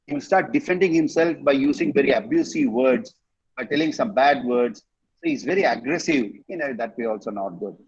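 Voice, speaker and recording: A man's voice: medium pitch, animated, quick pace, slightly rough, highs cut off. A man with a Tamil accent teaching English vocabulary in an online class, quizzing students and spelling words out. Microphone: video call.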